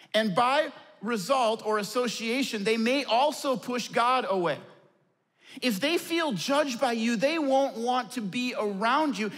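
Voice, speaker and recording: A man with a fairly high voice preaches a sermon in a large church auditorium, his words trailing into a long hall reverb. He tells stories from the pulpit and drops low and gentle whenever he lands a key point. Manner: storytelling, dropping low and soft for key points. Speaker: pastor.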